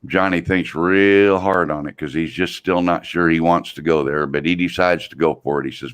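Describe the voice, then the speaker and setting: A man with a very low voice tells a long joke, taking his time. His phrasing is folksy and drawn out, the way someone talks when chatting with friends. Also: steady tone, normal speed, few pauses, fairly bright tone, clear, resonant tone. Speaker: host. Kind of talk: casual joke telling.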